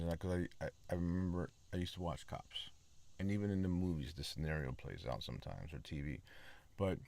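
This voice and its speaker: A man's voice: sits low, gravelly. A man hosting his own podcast, talking in a casual, rambling solo monologue with many fillers and repeats. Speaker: podcast host.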